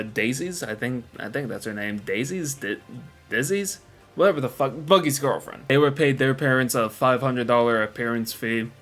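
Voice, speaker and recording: A man's voice: mid-range voice, fairly bright tone. A man narrating drama commentary in a loose, profane, filler-heavy way. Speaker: commentary video host.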